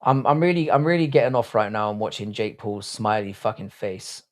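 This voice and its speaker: A man's voice: on the low side, fairly even intonation, brisk. A young English man hosting a livestream, reading chat aloud and bantering in a blunt, crude, rambling way with frequent restarts. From England. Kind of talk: casual live-stream chat.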